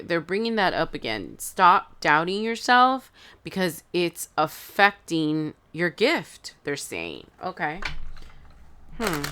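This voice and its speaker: Woman tarot reader, near tears, halting delivery; smooth voice, a bit low. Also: sharp tone. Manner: halting, filler-heavy, emotional, addresses viewers as guys. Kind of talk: intuitive tarot reading to camera.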